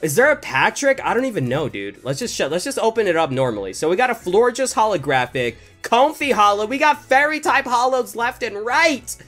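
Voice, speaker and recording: Excitable male vlogger, slangy unboxing chatter, lively pitch, voice cracks when hyped. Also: a little fast, hardly any pauses, faint music behind. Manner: hyped, slangy, shouts and laughs in bursts. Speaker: YouTuber opening card packs.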